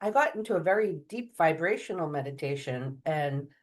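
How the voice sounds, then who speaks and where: Low-voiced chatty middle-aged woman. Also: normal speed. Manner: animated storyteller, acts out quoted voices; chatty, many fillers and restarts. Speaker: guest medium. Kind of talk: storytelling interview.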